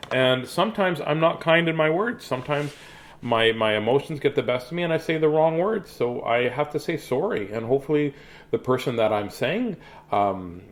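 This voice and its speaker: A man at home chatting with children and reading them a storybook aloud, talking in a friendly, repetitive way. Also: mid-range voice. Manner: chatty, warm toward children, repeats words often. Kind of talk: casual chat and storybook reading to kids.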